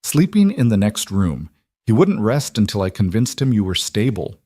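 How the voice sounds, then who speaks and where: A man voicing an older woman midwife who speaks with blunt, calm authority. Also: on the low side, moderate pace, no room sound, studio quality. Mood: blunt, firm. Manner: blunt, commanding.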